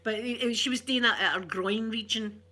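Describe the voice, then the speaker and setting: A woman with a Glaswegian Scottish accent chatting casually, a rambling storyteller who laughs often and slips into soft asides. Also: on the high side, moderate pace. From Glasgow, Scotland. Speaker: ASMR vlogger. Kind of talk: casual chat.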